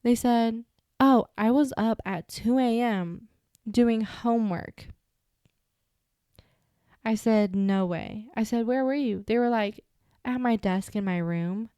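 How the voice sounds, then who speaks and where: Chatty young woman with a smooth voice. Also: fairly high pitch, measured pace, warm tone, no echo, studio quality. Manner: chatty, rambling, with many "like" fillers. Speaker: podcast host. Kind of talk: casual solo podcast storytelling.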